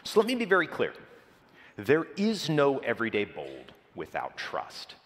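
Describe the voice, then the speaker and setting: Male conference presenter, very expressive intonation, measured dramatic emphasis, reverberant hall. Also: mid-range voice. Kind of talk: scripted conference keynote.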